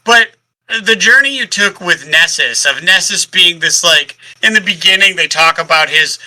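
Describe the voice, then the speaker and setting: A man with a high, strikingly bright voice chats as a podcast co-host. He is animated and laughs readily, dropping casual swears as he talks about a book. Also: moderate pace, rough recording. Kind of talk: casual book-club chat.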